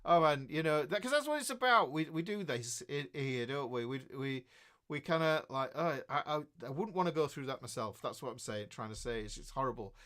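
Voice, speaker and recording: A man's voice: on the high side, lively intonation, brisk, a bit bright. A man in his fifties with a Northern English accent, a guitar teacher chatting casually on a live stream as he reads out viewers' comments, rambling with many restarts and chuckles. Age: 50s.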